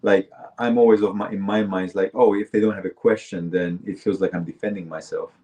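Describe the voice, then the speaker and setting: A man's voice: sits low, fairly even intonation, brisk, mellow. A man co-hosting a talk show, chatting candidly about his own experiences and laughing easily. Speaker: podcast co-host. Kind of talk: casual conversational chat.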